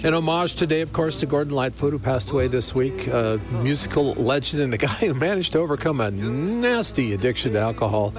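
A man's voice: mid-range voice, animated, fairly quick, few pauses, music in the background. A man co-hosting a radio show, chatting casually and reading promos and station breaks. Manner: friendly, reads promos and station IDs. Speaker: radio co-host.

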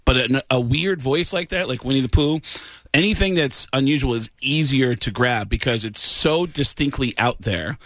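A comedian talking casually about doing impressions, animated and quick to slip into voices. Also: male voice, mid-range voice, no echo. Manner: animated storyteller, slips into impressions. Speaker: comedian guest.

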